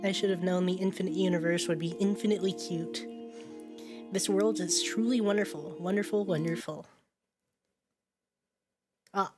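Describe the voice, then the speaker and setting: A woman's voice: fairly low pitch, fairly even intonation, normal speed, pauses often, music in the background. A woman streaming a narrative game, reading its text aloud and reacting with chatty commentary, laughing often and swearing casually.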